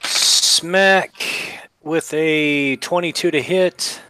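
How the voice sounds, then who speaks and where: A man playing a tabletop game at an unhurried pace. He sounds relaxed and counts his damage out loud. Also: a little high, background noise. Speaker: player. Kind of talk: casual tabletop play.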